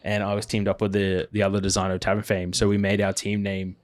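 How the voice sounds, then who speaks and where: A man, a game store owner, co-hosting a podcast in a relaxed, chatty way. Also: on the low side, quick pace. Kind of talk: casual podcast chat.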